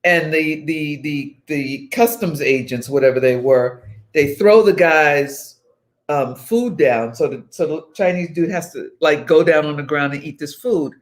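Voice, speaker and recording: A woman's voice: sits low, a little slow. An older woman co-hosting a casual chat with her daughter, telling stories with dry humor. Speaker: co-host, mother.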